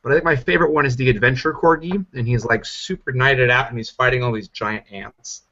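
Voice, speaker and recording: A man's voice: mid-range voice, fairly even intonation, fairly quick, sharp tone. A man co-hosting a podcast, chatting keenly about a game with lots of "like" and "um". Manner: enthusiastic, heavy use of filler "like". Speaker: podcast co-host. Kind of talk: casual chat. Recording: dull lo-fi podcast audio.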